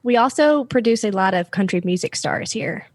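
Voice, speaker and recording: A woman's voice: medium pitch, lively intonation, moderate pace, no echo. A woman from the American South with a Southern accent, chatting casually and poking fun at herself as a podcast guest. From Southern United States. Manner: giggly, self-deprecating. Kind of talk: casual chat. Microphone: mailed camera and microphone at home.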